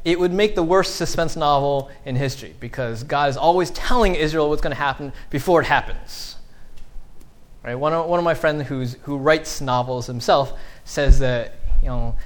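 A man in his thirties preaching a conversational sermon, acting out quotes with lively sarcasm. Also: a little high. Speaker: pastor.

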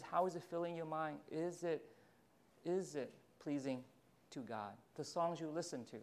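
Animated confessional man preaching. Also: fairly high pitch. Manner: animated, confessional, self-mocking with laughs. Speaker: pastor. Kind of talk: sermon.

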